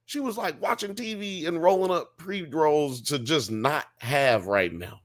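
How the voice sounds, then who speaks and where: A man from Alabama, co-hosting a casual TV review chat in an animated, profane way. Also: on the high side, a little slow. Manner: animated, profane, acts out characters. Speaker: podcast co-host.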